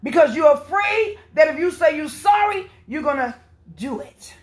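A woman preaching a sermon, swinging from soft, quiet lines to impassioned shouting. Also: sits high, lively intonation, moderate pace.

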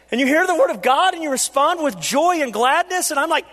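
Animated high-voiced preacher in a reverberant hall. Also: male voice, brisk, few pauses. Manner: animated, acts out quotes with big pitch jumps. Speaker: pastor. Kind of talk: sermon.

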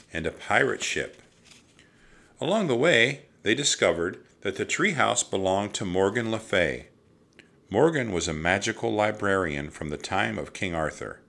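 Slow, expressive man reading a storybook. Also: fairly low pitch, vocal fry. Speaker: narrator.

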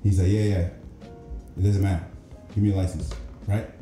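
A man with a very low voice tells a story in casual chat, breaking into laughter and acting out what others said. He sounds as if he is in an echoey room, with music playing clearly in the background. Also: flat delivery, fairly quick. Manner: laughs through stories, acts out cops' lines.

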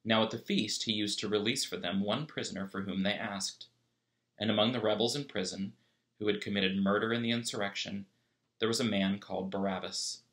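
Guy reading scripture in church, kinda low, bright crisp sound. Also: steady tone, brisk. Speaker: scripture reader.

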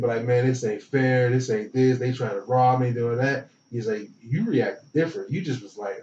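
A young man telling a college football story in relaxed, slangy talk, acting out what others said. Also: mid-range voice, normal speed, hardly any pauses. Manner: relaxed, slangy, animated retelling with quoted dialogue. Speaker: former football player, guest. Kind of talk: casual storytelling. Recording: roomy, distant, dull lo-fi sound.

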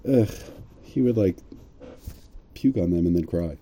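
A man teaches a religious story aloud, reading Hebrew lines and retelling them in casual English with jokey asides. His low voice is warm and expressive, at a measured pace, with slight background noise.

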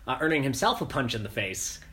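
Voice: medium pitch, very animated, fast, a bit bright. A podcast co-host in casual chat, animatedly retelling film scenes and laughing often.

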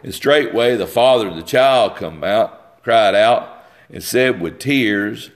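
A man's voice: on the low side, slow. A man preaching a sermon, stumbling and repeating words as he reads scripture and explains it.

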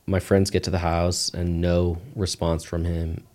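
A man's voice: sits low, unhurried. A man sharing a personal testimony as a guest in a casual, rambling way, full of "like" fillers. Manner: relaxed, rambling, heavy use of "like" fillers. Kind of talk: casual storytelling interview.

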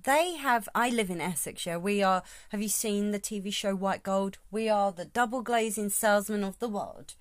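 A woman's voice: mid-range voice, normal speed, few pauses, no room sound, studio quality. A woman hosting her podcast in a casual, rambling solo talk, thinking aloud as she goes. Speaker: podcast host.

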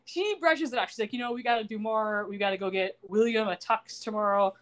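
A woman's voice: medium pitch, a little fast. A woman hosting a podcast, recapping a TV episode in casual chat and acting out the characters' lines. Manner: animated storytelling, acts out quoted lines.

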